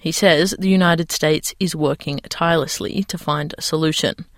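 A male news reporter reading a voice-over in an even, measured way. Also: fairly high pitch, no room sound, studio quality.

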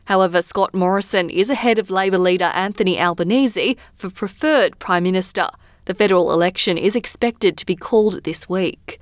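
A woman news presenter, reading a scripted bulletin in a measured, even delivery. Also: medium pitch, no echo, studio quality.

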